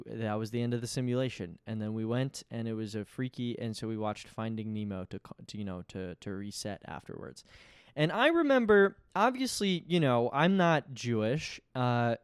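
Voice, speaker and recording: A man's voice: mid-range voice, clean tone, dry recording, clean studio sound. A man, hosting a podcast in a rambling, self-interrupting comedic monologue. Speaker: podcast host.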